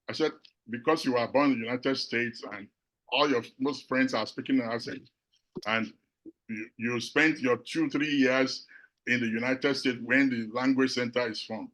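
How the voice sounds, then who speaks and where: A middle-aged man from Nigeria with a Nigerian accent, giving a measured, reflective talk to an audience as a panel speaker, pausing often on fillers. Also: mid-range voice, fairly bright tone, rough recording. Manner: measured, with frequent filler pauses.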